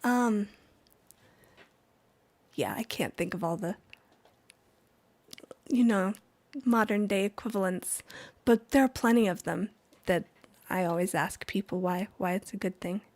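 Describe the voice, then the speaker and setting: Speaking at a medium pitch, this woman is unhurried and a little mellow, pausing often. She's a livestream singer and host who chats loosely with her viewers between songs, laughing a lot, with music going behind her.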